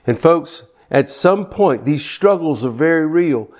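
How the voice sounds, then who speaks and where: A man's voice: a little high, expressive, measured pace, a little mellow. A man preaching a fervent sermon who pushes hard, stumbles and restarts, and drives his points home through repetition.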